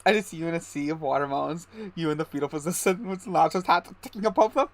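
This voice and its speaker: Quick jokey guy on game chat, voice sits a bit high, rambles thru stories. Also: creaky. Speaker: gamer chatting while playing. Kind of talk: casual voice chat.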